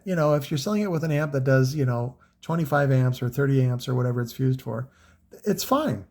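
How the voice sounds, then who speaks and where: A man's voice: medium pitch, animated, a little fast, a little mellow. A man talking casually and loosely about gear he sells, with lots of fillers and swearing. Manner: rambling, frequent fillers and profanity. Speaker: car audio seller reviewing products. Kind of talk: casual unscripted product talk.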